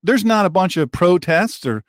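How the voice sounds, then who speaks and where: Male political talk host, sarcastic and heated, animated pitch, dry close sound. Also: normal speed, dry recording. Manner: heated, sarcastic, repeats himself. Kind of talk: political commentary monologue.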